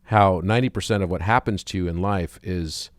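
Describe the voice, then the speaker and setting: A man's voice: low-pitched, brisk, dry recording, clean studio sound. A man speaking as a podcast guest in casual conversation, reflective and fond of telling stories. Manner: reflective, storytelling.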